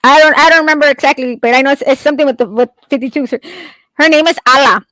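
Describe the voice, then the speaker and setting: A woman with a high, bright-pitched voice, chatting casually and swearing freely as she laughs her way through stories. The sound is dry and close, with no room echo. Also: fast talker. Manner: chatty, profane, laughs often. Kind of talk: casual chat.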